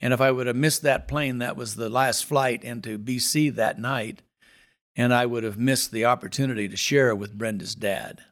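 A man's voice: medium pitch, fairly even intonation, normal speed, fairly bright tone. A middle-aged male pastor telling a personal testimony in an earnest, dramatic storytelling manner.

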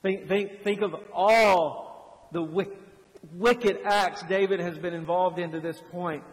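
Pastor guy preaching, slightly high voice, really slow and drawn out, goes quiet then gets loud, big echoey reverb. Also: steady tone. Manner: swings from hushed and slow to loud and fervent. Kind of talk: sermon.

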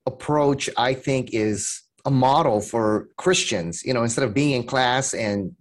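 A man hosts a faith podcast at an easy, measured pace. His voice sits at an ordinary middle pitch. He affirms his guest's points before steering toward the next question. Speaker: podcast host. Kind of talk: interview questions.

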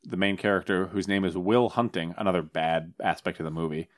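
A man's voice: low-pitched, steady tone, a little fast. A young man in casual podcast chat, rambling with lots of filler words. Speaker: podcast co-host.

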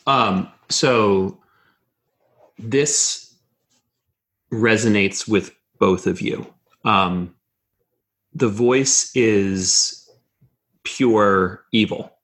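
A man running a tabletop horror game as game master, narrating in a measured way with frequent fillers. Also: on the low side, a bit bright.

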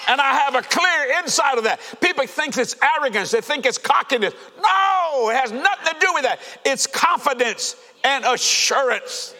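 A man preaching a fervent sermon to a congregation, shouting and laughing as he goes. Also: very high-pitched, animated, normal speed, hardly any pauses, a faint crowd. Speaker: pastor. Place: church sanctuary. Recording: reverberant church hall.

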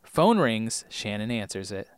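A man co-hosting a podcast, casually recapping episodes with playful puns and quick acted-out lines. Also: on the low side, sing-song, smooth, no room sound, studio quality. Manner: playful, punning, acts out scenes. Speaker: podcast co-host.

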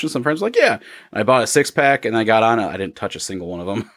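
Low-voiced profane guy in his thirties. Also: lively intonation, fast, fairly bright tone, no room sound. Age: 30s. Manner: laid-back, profane, trailing off. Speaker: podcast co-host. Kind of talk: casual chat.

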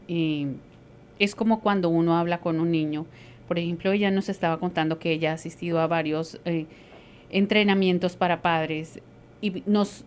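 A woman's voice: lowish voice, slight background noise. A woman co-hosting a radio show, summarizing the guest's points in a casual way with hesitant fillers. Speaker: co-host interpreting into Spanish.

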